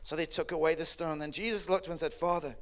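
A man preaching a sermon, telling the story dramatically and swinging from loud calls to hushed words. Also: a little high, steady tone, quick pace. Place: hall or church with a microphone.

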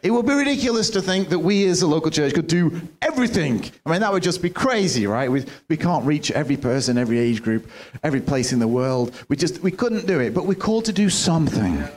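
A man's voice: on the high side, sing-song, fast, hardly any pauses, a little mellow. A man preaching a sermon from a church platform, earnest and sometimes restarting his phrases. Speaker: pastor.

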